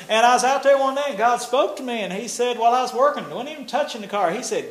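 An older male preacher with a very high-pitched voice and big pitch swings talks fast, hardly pausing, as he shares a folksy testimony in a sermon. His storytelling is full of laughs and nonstandard grammar, and the room echoes.

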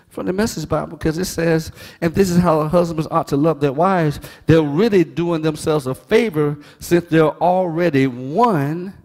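A man pastor preaching a sermon, folksy and joking, moving from quiet words to shouting. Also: fairly high pitch, big-room sound. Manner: animated preaching, swings from hushed to shouting.

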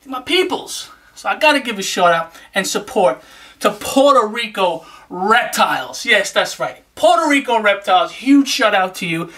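A man with a voice that sits high delivers laid-back vlog shout-outs. He jokes around in an excited, street-style patter, repeatedly dropping "you know what I'm saying".

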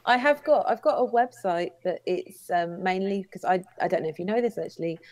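A woman's voice: on the low side, brisk, darkish tone, no echo. A British woman guest on a podcast, hesitant and giggly as she talks. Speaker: guest, costume designer. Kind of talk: casual podcast chat.

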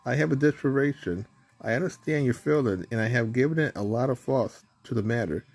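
A man with a husky voice reading the part of a stern man in charge of the railway, speaking in a measured, formal way. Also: mid-range voice, a little mellow.

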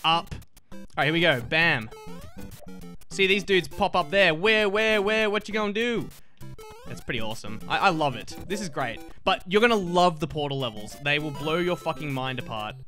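A man's voice: fairly high pitch, expressive, normal speed, pushed and bright, faint music behind. A man giving casual, crude and jokey gameplay commentary as host of his gaming videos.

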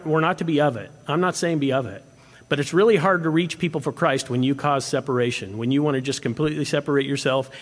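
A man's voice: a little high, long reverb tail. A male pastor preaching a sermon with emphasis, often putting questions to the congregation. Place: church sanctuary.

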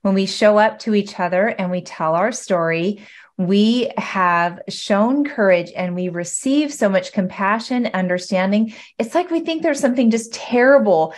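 A woman's voice: medium pitch, lively intonation, moderate pace. A woman coach speaking over a video call, giving earnest, encouraging advice in long flowing sentences.

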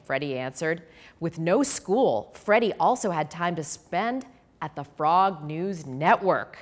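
A woman reading her children's picture book aloud, with expressive storytelling and asides to the host. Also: on the low side, slow.

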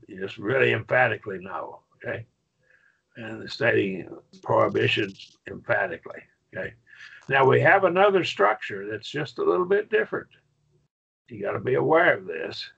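A man lecturing a Bible Greek class, folksy and patient, checking in with his students as he goes. His voice is gravelly and a little husky. The recording sounds dull and lo-fi. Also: medium pitch, a bit bright. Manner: folksy, repeats "okay?", slows down to stress points.

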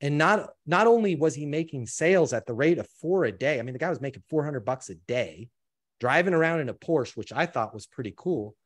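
A man telling a personal story in an interview, with an animated delivery, quoting others and often restarting his sentences. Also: fairly high pitch, a little fast. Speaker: interview guest. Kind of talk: storytelling in conversation.

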